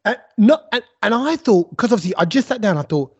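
A man's voice: high voice, expressive, fairly quick, slightly rough. A man chatting casually on a podcast, teasing and telling stories, on a dull lo-fi recording. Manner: teasing, storytelling. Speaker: podcast co-host. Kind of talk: casual chat. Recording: dull lo-fi sound.

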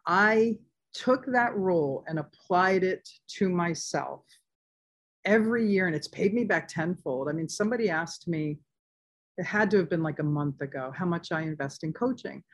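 A woman's voice: lowish voice, animated, moderate pace. Emphatic woman speaking motivationally. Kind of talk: casual conversational interview.

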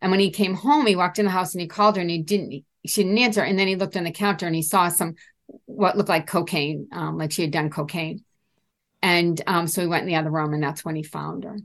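A middle-aged woman speaking as a podcast guest, telling a painful personal story in a halting way, often repeating herself and trailing off. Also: on the low side, steady tone. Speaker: guest, bereaved mother.

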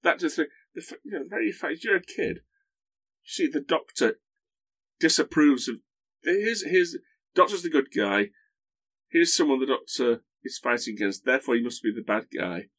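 A man guesting on a podcast, in casual chat, talking in an animated way with frequent restarts and self-corrections. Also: fairly high pitch, normal speed.

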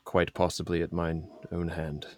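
A man's voice: low voice, completely flat delivery, normal speed, dry recording, close to an everyday voice. A man playing an earnest male adventurer in a tabletop role-play, speaking in a solemn, formal way as he explains things.

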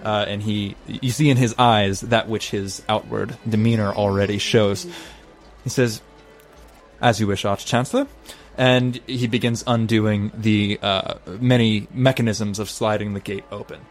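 A man's voice: on the low side, steady tone, a little slow, faint music behind. A man narrating a tabletop game as game master, chatty and full of fillers.

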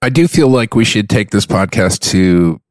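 A man's voice: lowish voice, expressive, normal speed, no echo. A man co-hosting a podcast in casual chat, joking and swearing freely. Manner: swearing, jokey, does mock accents. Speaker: podcast co-host.

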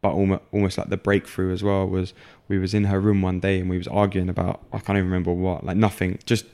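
Deep gravelly young man. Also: monotone, dark tone. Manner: halting, filler-heavy, frequent restarts. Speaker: guest. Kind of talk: candid personal storytelling.

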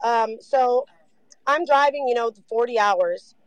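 A young woman telling her story in a casual interview, animated, saying "like" a lot and swearing freely. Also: fairly high pitch, takes it slowly, no echo, low-quality recording.

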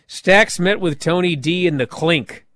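A man hosts a podcast where he recaps wrestling in casual conversation, telling stories animatedly and mocking the people he describes through impressions. His voice is a little high and a little slow. There's no echo.

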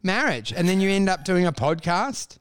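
A man's voice: sits high, sing-song, moderate pace, smooth. A man co-hosting a podcast, telling profane, rambling comic stories in casual chat. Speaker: podcast co-host.

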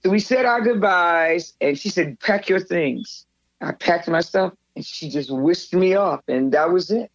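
A woman's voice: fairly low pitch, normal speed, few pauses, no echo. An older woman recalls her past for an interviewer, circling back and restarting her sentences as she goes. The sound is close and dry, with a slightly muffled top end. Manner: rambling, frequent restarts, acts out quoted voices. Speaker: interview guest. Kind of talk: candid personal storytelling.

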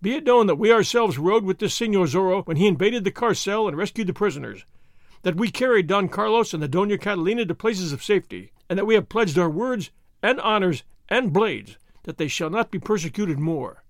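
A man voicing the proud leader of young noble horsemen, speaking sternly and forcefully. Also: high voice, lively intonation, a little fast, dry recording, studio quality.

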